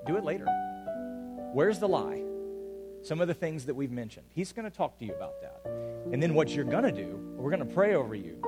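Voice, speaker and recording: A man preaching a sermon as pastor to a congregation, swinging between loud urgent calls and quiet, intimate asides. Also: medium pitch. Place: church hall with an audience.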